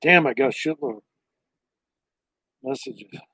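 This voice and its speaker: Streamer type: higher-voiced man, casual and cussing, dry close-mic home recording. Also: big pitch swings, a little slow, creaky, sharp tone, breathy edge, no echo. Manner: loose, profane, meandering talk. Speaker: livestreamer. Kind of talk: casual rambling livestream chat.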